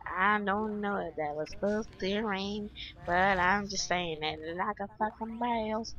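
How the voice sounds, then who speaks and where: A young woman doing let's play commentary, loud and profane, screaming at jump scares and trash-talking enemies. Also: medium pitch, slow pace. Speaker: gaming channel host.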